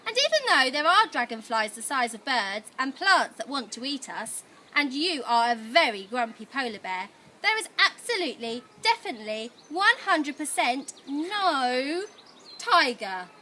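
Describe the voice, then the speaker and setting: Woman putting on a high, insistent little girl. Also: big pitch swings, a little slow, pushed and bright, full character voice. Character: small bold girl, insistent and defiant. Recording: noisy background.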